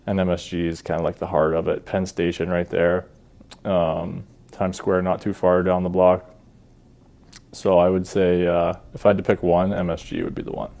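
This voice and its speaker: A Canadian man in his thirties, a hockey goalie talking as a podcast guest in a relaxed, self-deprecating way with many ums and uhs. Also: low-pitched, normal speed, gravelly. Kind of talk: relaxed interview chat.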